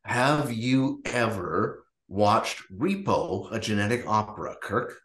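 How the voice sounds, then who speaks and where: An enthusiastic man co-hosting a podcast, rambling through his points with plenty of fillers. His voice sits in an echoey room, and he keeps the chat loose and lively. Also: fairly low pitch, takes it slowly. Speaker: podcast co-host. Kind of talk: casual chat.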